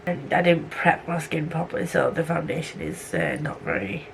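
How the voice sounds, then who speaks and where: Young woman, casual book vlogger, rambling and self-deprecating, middling pitch, camera mic with a touch of noise. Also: big pitch swings, moderate pace, creaky. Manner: rambling, self-mocking, goes off on tangents. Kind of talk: casual vlog chat. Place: home room at night.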